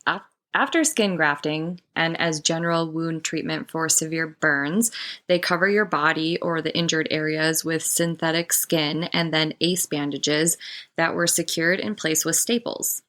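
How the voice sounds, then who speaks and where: A woman's voice: low voice, fairly even intonation, unhurried, fairly bright tone. A woman co-hosting a podcast, reading a listener's story aloud with frequent giggles. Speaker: podcast co-host.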